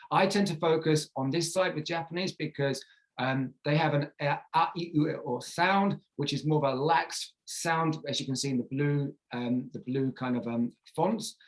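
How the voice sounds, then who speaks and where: A man's voice: mid-range voice, low-quality recording. A man giving a conference presentation on teaching pronunciation, explaining step by step with frequent fillers and restarts. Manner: models pronunciation examples aloud.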